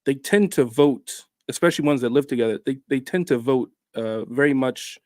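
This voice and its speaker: A man's voice: mid-range voice, normal speed, darkish tone, no room sound, studio quality. A man speaking as a guest on a talk show, hesitant, with many fillers and restarts. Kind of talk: casual conversation.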